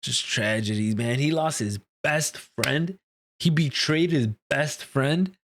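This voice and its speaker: An excitable man reacts to a new comic chapter in a loose, slangy way and laughs often. His voice sits at a middle pitch. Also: slow. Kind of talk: casual reaction commentary.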